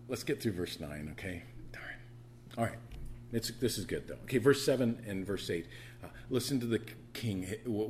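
Animated man preaching a sermon. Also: low-pitched. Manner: animated, stammering restarts, builds to loud proclaiming. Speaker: pastor.

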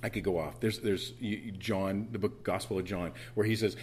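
Low-voiced man preaching a conversational sermon. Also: fairly even intonation, moderate pace, hardly any pauses, slight background noise. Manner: conversational preaching with repetitions and emphatic rises. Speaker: pastor.

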